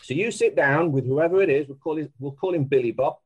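A man with a slightly raised pitch, talking as a guest on a podcast. He speaks in a casual, emphatic and animated way and often laughs as he makes his points. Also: fast talker, slightly rough, rough recording.

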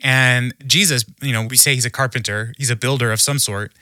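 A man speaking as a podcast guest who tells stories in an animated way and laughs often. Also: mid-range voice, fairly quick, dry recording, studio quality. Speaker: podcast guest, humor researcher. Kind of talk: conversational storytelling.

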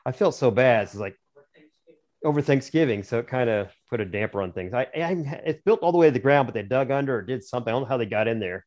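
A man's voice: medium pitch, lively intonation, quick pace, darkish tone. A man on a podcast as a guest author, chatting casually in a rambling, jokey way with frequent restarts. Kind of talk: casual chat.

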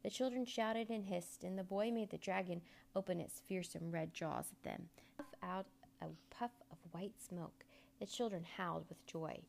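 A woman narrating a children's storybook aloud in an expressive, measured way. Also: fairly low pitch, gravelly, slight background noise.

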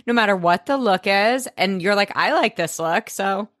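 A woman co-hosting a podcast, recapping a TV episode in casual chat, animated and swearing freely as she acts out lines. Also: medium pitch, normal speed, no echo, studio quality. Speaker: podcast co-host.

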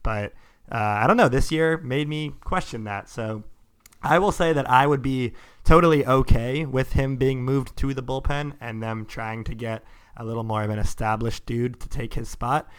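Smooth-voiced man hosting a sports chat. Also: mid-range voice, normal speed. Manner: chatty, self-deprecating, laughs easily. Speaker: podcast host.

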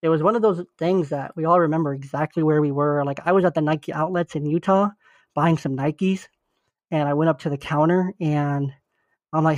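A man's voice: a little high, normal speed, darkish tone, dry recording. A young man co-hosting a podcast, down with the flu, talking in an earnest, encouraging and loose way. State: sick with flu. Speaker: podcast co-host. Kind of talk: casual podcast chat.

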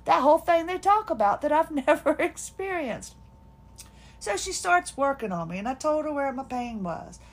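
A woman's voice: high voice, normal speed. A woman hosting a podcast, telling a personal story in a chatty, laughing way, quoting others, tired and finding it hard to talk. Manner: chatty, laughing, animated retelling with quoted voices. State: fatigued, hard time talking. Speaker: podcast host.

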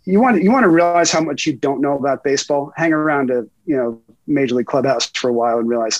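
A man's voice: mid-range voice, quick pace, no echo, rough recording. Laughing middle-aged man telling stories. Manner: laughing often, profane anecdotes. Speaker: guest reporter. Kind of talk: casual interview storytelling.

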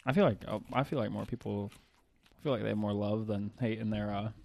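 A man's voice: on the low side, quick pace, gravelly, a little mellow, dry recording. Profane rambling man on a podcast. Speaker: podcast co-host. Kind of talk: casual chat.

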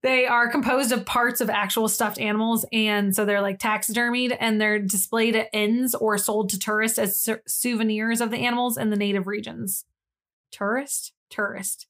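A woman's voice: a little high, steady tone, moderate pace, few pauses, fairly bright tone. A woman co-hosting a podcast in casual chat, rambling and self-deprecating with frequent giggles. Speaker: podcast co-host.

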